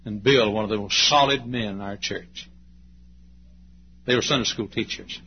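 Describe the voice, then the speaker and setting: A man in his late fifties preaching a storytelling sermon in a church, swinging between loud passages and hushed ones as he tells the story. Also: lowish voice, normal speed, slight background noise. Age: late 50s. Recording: dull lo-fi sermon recording.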